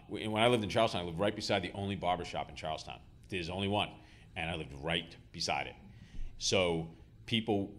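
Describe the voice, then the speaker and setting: Low-voiced man telling wry stories. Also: a little hiss or hum. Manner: self-deprecating, wry, many fillers and restarts. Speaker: author speaking to an audience. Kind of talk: live storytelling talk. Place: school auditorium before an audience.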